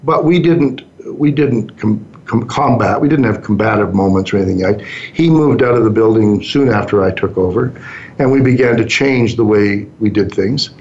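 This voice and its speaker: A man's voice: on the low side, normal speed, darkish tone. Man in his sixties telling business stories. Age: 60s. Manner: anecdotal, easygoing, acts out quoted lines. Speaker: business owner guest. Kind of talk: storytelling interview answers. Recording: dull muffled sound.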